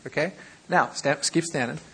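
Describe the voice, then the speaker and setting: A husky-voiced American man teaches a class, his voice sitting slightly high for a man. He talks in a playful, animated way, acting out little scenes to make his points. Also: normal speed. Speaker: missions lecturer. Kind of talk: classroom lecture.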